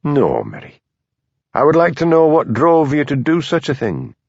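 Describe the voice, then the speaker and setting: A man voicing a patient village policeman who talks in a gentle, plain-spoken way. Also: a little high, huge pitch swings, normal speed, vocal fry, breathy edge, no echo, pitched above the performer's own voice, exaggerated voice. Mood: calm. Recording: dull dry lo-fi audio.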